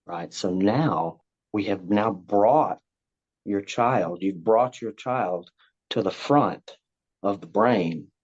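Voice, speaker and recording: A man's voice: on the low side, slow, a little mellow, breathy edge. A man guest explaining a parenting approach in a casual, rambling way, often repeating himself and acting out what parent and child say. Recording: slightly dull lo-fi sound.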